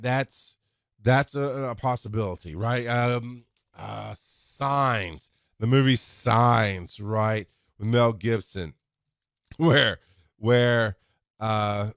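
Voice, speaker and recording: A man's voice: on the low side, clean tone, no echo, studio quality. A middle-aged man giving an informal teaching talk as an instructor, speaking candidly and rambling with restarts, acting out bits of dialogue. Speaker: EMS instructor.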